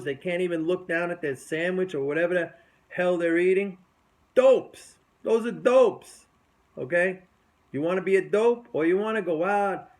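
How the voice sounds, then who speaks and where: Middle-aged male host, slightly high voice, blunt and emphatic, motivational trading talk. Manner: emphatic, swings from loud bursts to low asides; blunt, scornful of other traders.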